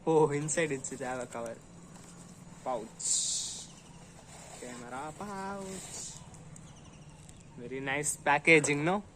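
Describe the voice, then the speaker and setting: A man with an Indian English accent, chatting slowly through an unboxing vlog, humming and making sound effects as he goes. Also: fairly high pitch, pushed and bright, a little hiss or hum, poor audio. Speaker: vlogger.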